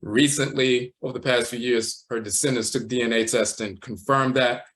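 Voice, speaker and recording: A man teaching a livestream lecture, walking slowly through words and terms, repeating them and often tacking on "and so forth.". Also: mid-range voice, fairly even intonation, a bit bright. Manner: measured, repeats terms and says "and so forth" a lot. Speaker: teacher of a spiritual tradition.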